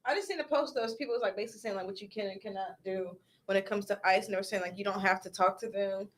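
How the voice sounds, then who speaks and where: A woman co-hosting a casual talk show, blunt and quick to ask questions. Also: medium pitch. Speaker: podcast co-host. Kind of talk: casual chat.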